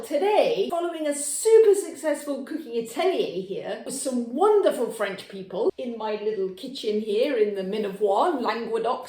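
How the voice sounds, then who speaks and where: A woman's voice: high-pitched, warm tone. A woman from Devon hosting a cooking vlog from her home kitchen, chatty and playful, rambling off topic as she talks. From Devon, England. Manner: rambling, playful, self-described natterer. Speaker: cooking channel host. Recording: echoey kitchen.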